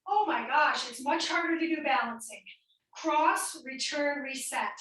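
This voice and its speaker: Woman fitness instructor, high and sharp, a bit winded, echoey room, mic across the room. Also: measured pace, far from the mic. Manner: upbeat counting cues, coaching while exercising. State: a little out of breath. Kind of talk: workout class instruction.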